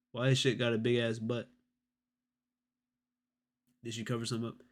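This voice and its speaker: A man's voice: medium pitch, monotone, moderate pace, pauses often. Slangy, sarcastic male streamer. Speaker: streamer host. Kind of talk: casual reaction commentary.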